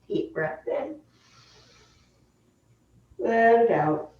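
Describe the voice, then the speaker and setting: A woman yoga instructor calmly guiding a chair yoga class, cueing breath and movement step by step. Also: a little high, very slow, slight background noise. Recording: roomy, distant, dull sound.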